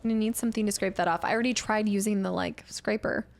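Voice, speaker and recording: A woman's voice: mid-range voice, steady tone, fast talker, creaky, slight background noise. A woman streaming a game live and chatting casually as she thinks aloud through puzzles. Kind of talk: live gameplay commentary.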